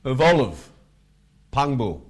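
A man preaching, telling street-evangelism stories in a lively way. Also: mid-range voice, takes it slowly. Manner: animated, acts out quoted voices. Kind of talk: sermon with storytelling.

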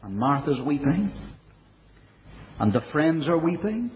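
A man preaching a sermon in a measured way, dropping his voice low and soft for quoted verses. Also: very animated, a little hiss or hum. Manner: measured preaching, quoting scripture in older English. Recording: dull, lo-fi recording.

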